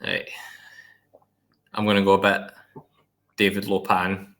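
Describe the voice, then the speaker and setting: A man co-hosting a podcast in easy, casual chat. His voice is lowish, yet it has a bright, crisp edge to it. He jokes around in a relaxed way. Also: measured pace. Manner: relaxed, joking. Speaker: podcast co-host.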